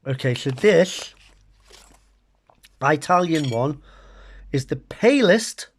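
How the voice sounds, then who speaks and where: A middle-aged British food vlogger with a slightly high, expressive voice takes his time as he tastes food on camera. His chat is casual and comic, sprinkled with wry, muttered asides for viewers, and there's slight background noise.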